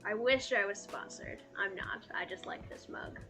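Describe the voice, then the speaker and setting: A woman's voice: mid-range voice, normal speed. A woman streamer chatting casually and joking about herself while reading a game aloud, with game music playing behind. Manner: chatty, self-mocking, giggly.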